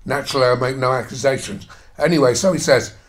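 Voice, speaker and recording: A man's voice: medium pitch, fast talker. Angry sweary man ranting at an article. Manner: angry, sarcastic, heavy swearing; reads quoted passages, then mocks them. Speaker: commentator reacting to an article. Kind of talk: ranting commentary on a read-aloud article.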